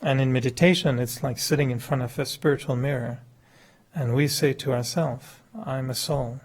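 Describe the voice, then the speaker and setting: A middle-aged man teaching meditation, a non-native English speaker, talks about spiritual matters in a relaxed, joking way at a moderate pace, his voice with a breathy edge. Self-directed laughter comes often, and he voices quoted dialogue with big pitch jumps.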